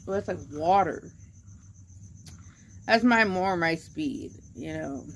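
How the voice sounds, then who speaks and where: A woman's voice: fairly low pitch, expressive, slow pace, gravelly, a little hiss or hum. A woman chatting casually on a livestream, slangy and joking, a little tipsy.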